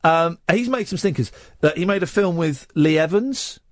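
Guy hosting late night radio, jokey and teasing, voice jumps all over the place, fairly high, dry studio sound. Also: moderate pace, no echo. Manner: animated, teasing, talks over callers. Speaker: radio host. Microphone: studio microphone.

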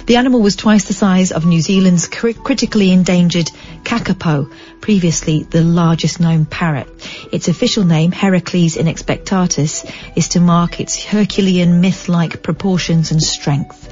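A woman hosts late-night talk radio in a chatty, wry way, reading news items with mock-dramatic emphasis. Her voice is low and mellow. The broadcast sounds slightly dull, with faint music underneath. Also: a little fast. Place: radio studio. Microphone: studio microphone.

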